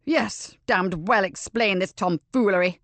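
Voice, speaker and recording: A woman's voice: medium pitch, unhurried, a bit bright, dry recording, lightly acted. A woman voicing a bewildered, blustering older husband. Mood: indignant.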